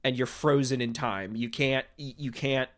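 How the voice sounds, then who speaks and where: A man narrating as game master of a tabletop game, relaxed and full of fillers as he sets the scene. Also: mid-range voice, normal speed.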